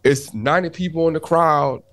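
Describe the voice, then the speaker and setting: With a voice on the high side and normal speed, this male podcast co-host argues animatedly in casual conversation, no echo in the audio. He frequently restarts his sentences and repeats "hold on" to interrupt and keep talking.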